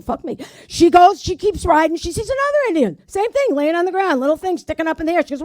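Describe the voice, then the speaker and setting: A woman's voice: very high voice, very animated, fast, few pauses, a little mellow, dry recording. A woman doing stand-up, telling old jokes in a brash manner and swearing at the audience. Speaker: stand-up comedian. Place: community arts center stage.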